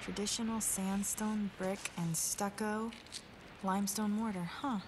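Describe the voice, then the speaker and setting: A woman's voice: medium pitch, little pitch movement, measured pace, noisy background, natural voice. A woman voicing a teasing young reporter. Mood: upbeat. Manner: teasing, upbeat. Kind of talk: video game voice acting. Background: game music.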